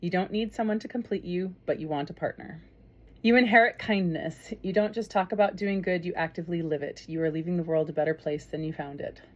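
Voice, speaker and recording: A woman talks straight to her camera in a casual vlog. Her voice sits a little low, and her delivery is effusive and chatty, with laughs breaking in often. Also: fairly quick, muffled recording. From Minnesota. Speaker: parent vlogger.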